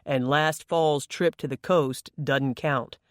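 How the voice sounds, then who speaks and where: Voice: medium pitch, fairly even intonation, slow pace, no echo, clean studio sound, natural voice. A narrator voicing a firm, adamant man in an audiobook. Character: grown man, firm and protective.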